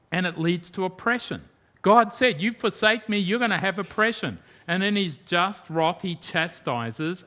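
A man preaching a sermon in an emphatic way, asking rhetorical questions and swinging from loud to hushed. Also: on the high side.

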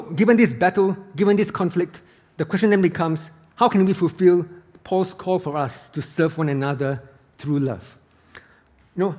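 A man's voice: on the high side, a little mellow. A man preaching an earnest, emphatic sermon as a pastor, reading scripture aloud.

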